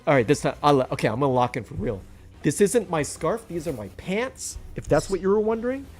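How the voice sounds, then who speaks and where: A young man giving jokey commentary over a video game playthrough, talking to his characters with big swings in pitch. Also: animated, a little fast, darkish tone, soft background music. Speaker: gaming YouTuber.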